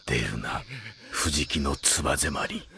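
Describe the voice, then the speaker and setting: A gravelly, very deep samurai. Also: male voice, fairly quick, a crowd in the background. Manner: grave, formal old-style speech. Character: stern formal samurai-era man. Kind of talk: anime dialogue.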